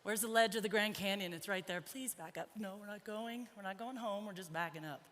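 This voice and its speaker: Riding during a live clinic demonstration at a horse expo's indoor arena, a woman trainer chats briskly to her colt and the audience, a bit winded. Her medium-pitched voice is fairly bright, picked up by a wireless body mic in a large hall with a little hiss or hum.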